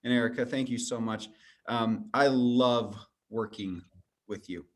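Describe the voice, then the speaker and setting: A man's voice: mid-range voice, steady tone, a little slow. A man speaking as a guest on a call, giving an earnest, persuasive motivational talk that addresses listeners directly. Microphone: video call.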